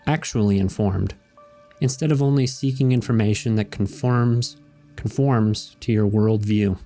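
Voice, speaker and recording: A man voicing a wise old male pig sage with a beard, speaking calmly and preachily as he reads a comic strip aloud. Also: lowish voice, a little slow, soft background music. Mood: sagely.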